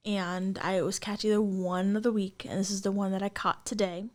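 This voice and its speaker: A woman's voice: mid-range voice, level tone, brisk, darkish tone. A young adult woman co-hosting a podcast, telling stories in a loose, rambling way with lots of ums and likes. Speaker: podcast co-host. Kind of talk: casual chat.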